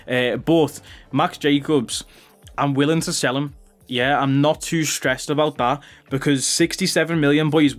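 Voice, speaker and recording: A young man chats through his football game like he's talking to mates. His voice sits a little high and jumps up in excited disbelief. Faint background music plays under him. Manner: excitable, breaks into high-pitched disbelief and laughter. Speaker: gaming YouTuber. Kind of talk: casual gameplay commentary.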